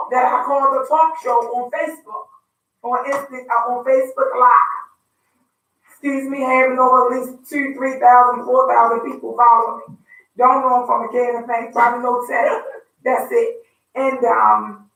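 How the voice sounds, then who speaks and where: A woman comedian, a guest on a radio show, telling her story in an animated, joking way. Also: fairly high pitch, heavy reverb, recorded from a distance, rough recording. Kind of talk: casual radio interview.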